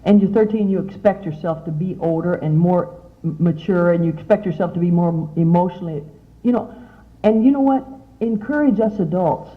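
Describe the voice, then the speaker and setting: Middle-aged woman, youth speaker, chatty and animated; tinny lo-fi recording. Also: on the low side, brisk. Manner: chatty, animated, asks the audience many questions. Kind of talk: motivational talk to teen girls. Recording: tinny, phone-like lo-fi sound.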